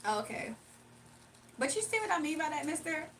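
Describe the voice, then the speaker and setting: High-voiced woman chatting on her stream, lots of laughing, kinda far from the mic, faint hiss behind. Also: brisk. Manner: animated, laughs often, talks to chat. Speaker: livestream host. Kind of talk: casual livestream chat. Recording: distant mic with faint background noise.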